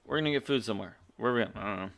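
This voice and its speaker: A young man in his twenties co-hosting a podcast, rambling and poking fun at himself, with loud bursts when he jokes. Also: fairly low pitch, very fast. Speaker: podcast co-host. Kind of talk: casual chat.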